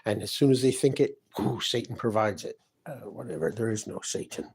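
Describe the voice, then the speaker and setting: A man's voice: on the low side, a little fast, creaky, slightly rough. A man talking at length in his apartment, distressed and aggrieved, rambling from one complaint to the next. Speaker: vlogger. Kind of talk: rambling personal monologue to camera.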